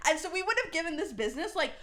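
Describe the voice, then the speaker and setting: A young woman co-hosting a casual podcast, telling a story in an animated way and laughing as she goes. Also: extremely high pitch, rapid-fire. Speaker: podcast co-host.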